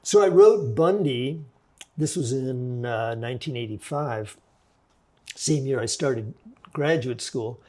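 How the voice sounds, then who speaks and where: Man in his 60s, podcast guest, forensic psychologist and author, reflective storyteller, measured delivery, mid-pitched voice. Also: dark tone.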